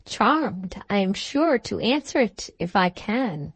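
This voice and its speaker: A rich, self-possessed woman who cuts down criticism without raising her voice, as a woman reader plays her. She speaks slowly and deliberately, with a lively lilt and a dry, close sound. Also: medium pitch, slightly rough, dry recording, heavily acted. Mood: coolly defiant. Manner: calm, cutting and composed. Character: wealthy, cool, self-assured woman engaged to a young lord.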